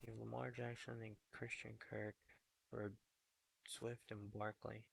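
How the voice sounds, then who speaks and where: A young man chats casually to stream viewers about his fantasy team. His voice sits low and gravelly with a flat, even tune. He keeps it hushed, half-whispering so as not to carry down the hallway. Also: a little slow. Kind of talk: casual live-stream chat. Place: indoor hallway.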